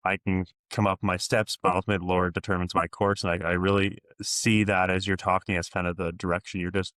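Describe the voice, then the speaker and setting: A male podcast host responds to his guest in a thoughtful, reflective way. His voice is very low and smooth, with a dry, close sound. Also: flat delivery, quick pace, a bit bright, dry recording. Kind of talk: casual interview conversation.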